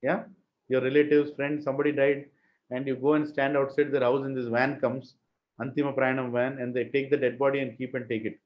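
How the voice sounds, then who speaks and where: A man's voice: mid-range voice, flat delivery, fairly quick. A man with an Indian English accent teaching a scripture class, chanting Sanskrit verses and asking the class questions. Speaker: spiritual teacher. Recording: muffled lo-fi room recording.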